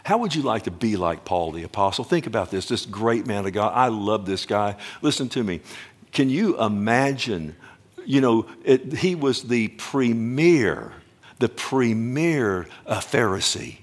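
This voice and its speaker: A man preaching a sermon emphatically, often slowing down to stress words and calling out to his listeners directly. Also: fairly low pitch, expressive. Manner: emphatic, swings between loud and hushed, addresses the congregation directly. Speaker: pastor.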